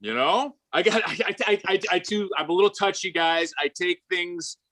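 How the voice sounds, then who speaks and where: A man in his forties doing stand-up, with a high voice and a bright, forceful edge. He talks in a hyper, animated way and keeps stammering and restarting. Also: normal speed. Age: 40s. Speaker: stand-up comedian. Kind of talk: stand-up set.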